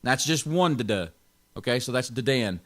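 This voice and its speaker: A man's voice: medium pitch, animated, normal speed, a bit bright. A man pastor giving an informal Bible teaching, stressing key words and chuckling often.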